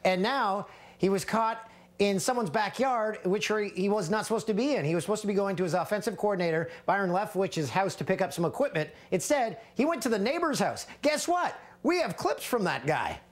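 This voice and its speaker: A man's voice: high-pitched, lively intonation, a little fast. A man co-hosting a sports show from home, joking in a casual way, with plenty of hesitant "uh"s. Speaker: co-host. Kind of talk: sports talk.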